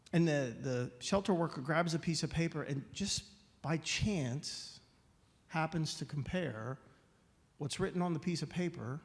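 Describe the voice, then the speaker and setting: A male guest speaker telling a story in a sermon at a spiritual center, animated and often restarting phrases, in an echoey hall. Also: a little high. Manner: animated, voicing characters, frequent restarts.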